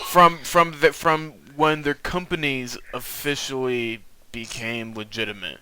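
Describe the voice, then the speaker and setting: Bright, smooth-voiced young man hosting. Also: medium pitch, steady tone, measured pace, no room sound, rough recording. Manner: rambling, laughing, with fillers and restarts. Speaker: podcast host. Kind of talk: casual wrestling podcast chat.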